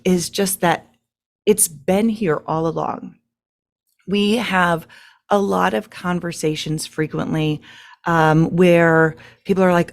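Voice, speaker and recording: A woman's voice: lowish voice, gravelly. A woman giving a presentation to a meeting as guest speaker, chatty, with many fillers and short laughs.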